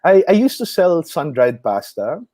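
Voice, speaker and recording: A man with a Filipino accent, a chef chatting as an interview guest, animated and quick to laugh as he tells stories. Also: a little high, dry recording. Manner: animated storyteller, mixes in Tagalog, laughs often. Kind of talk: casual interview conversation.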